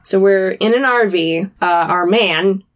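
A woman's voice: mid-range voice, a little hiss or hum. Woman, podcast co-host, chatty recap storyteller. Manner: animated storytelling, quick to laugh. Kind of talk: casual recap chat.

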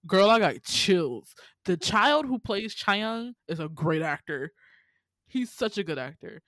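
A woman hosts a casual recap chat, talking in an animated way and slipping into quick impressions of the characters. Her voice sits in the middle of the pitch range. The recording is dry and close, with almost no room sound. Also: dry recording. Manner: animated, acts out character lines. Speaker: podcast co-host.

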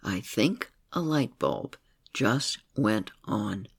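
A man's voice: fairly low pitch, big pitch swings, drawn-out words, vocal fry, slightly rough, heavily acted. A man voicing an anxious, demanding woman in therapy, insistent and challenging in tone, in a story he reads aloud. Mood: reflective.

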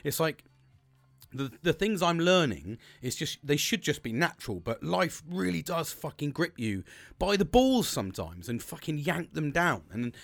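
A British man with a fairly high, somewhat bright voice hosts a solo podcast, speaking at normal speed with big pitch swings and vocal fry. His casual chat is rambling and upbeat, full of swearing, fillers, and restarts. The recording is dry, with faint music in the background.

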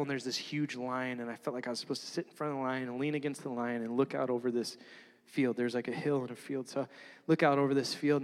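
A man telling a personal story in a sermon, animated and self-mocking, often laughing at himself. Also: mid-range voice. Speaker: preacher. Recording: long hall reverb.

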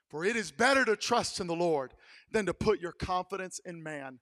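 A male pastor preaching a sermon in a church, telling the story dramatically and swinging between hushed lines and shouted ones. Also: sits high, lively intonation, moderate pace.

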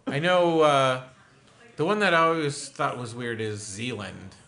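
Man, podcast co-host, bright tone, playful and joking, casual chat. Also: mid-range voice, measured pace. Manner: joking, playful, wanders into silly asides.

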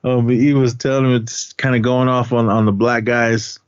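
A man's voice: medium pitch, normal speed, clear, resonant tone, no echo. Man recapping a movie with quoted voices. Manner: retells scenes, slipping into animated character quotes. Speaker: podcast co-host. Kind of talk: casual movie-recap chat. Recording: dry, slightly muffled podcast audio.

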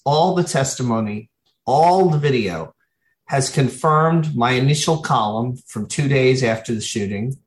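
A man speaks as a guest commentator, his voice carrying the reverb of an echoey room. He argues in an emphatic, insistent manner, repeating phrases to drive his points home. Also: medium pitch. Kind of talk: opinionated commentary.

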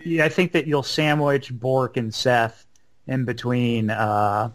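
A man's voice: mid-range voice, fairly even intonation, slow. A man co-hosting a casual chat, hesitant and full of fillers, with a wry humor. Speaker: podcast co-host.

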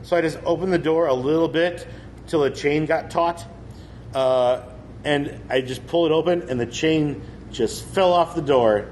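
A man with a slightly raised pitch tells a long tale in loose, casual chat. He rambles through fillers and restarts and keeps breaking into laughter. A faint noise sits behind him. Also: unhurried, darkish tone.

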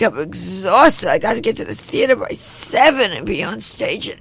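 An older woman guest in an interview, brash and joking with quick comebacks. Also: medium pitch, lively intonation, vocal fry, breathy edge, no room sound.

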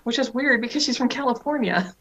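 A woman's voice: a little high, fairly quick, a bit bright, muffled recording. Wry, mocking female co-host. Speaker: podcast co-host. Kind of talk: casual chat.

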